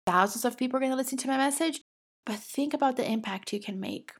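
Woman w/ an accent doing a motivational podcast rant, warm-hearted pep talk, bit high pitched. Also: fast talker, husky. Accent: non-native English accent. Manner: encouraging, empathetic, chatty and emphatic. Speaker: podcast host.

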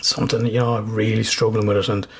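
A podcast host talks in a somewhat low voice. He chats casually and candidly, rambling on and cursing freely as he goes. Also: level tone, fast talker, creaky, breathy edge. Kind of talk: casual chat.

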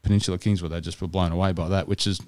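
An Australian man co-hosting a podcast tells stories in casual chat, often restarting his sentences. His voice sits low and a little mellow, with a flat, rapid-fire delivery and no room sound.

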